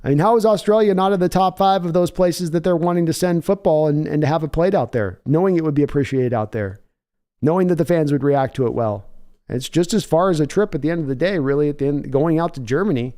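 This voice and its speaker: A male sports podcast host chatting casually on a live stream, rambling between jokes and viewer questions. His voice sits on the higher side. He talks loosely, restarting sentences as he goes. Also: fast, mellow. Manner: rambling, joking, answering chat questions.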